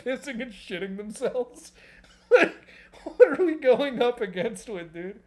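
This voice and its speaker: A man's voice: very high-pitched, big pitch swings, unhurried. A man streaming, ranting casually in a rambling, profane and joking way. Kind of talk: casual reaction-stream rant.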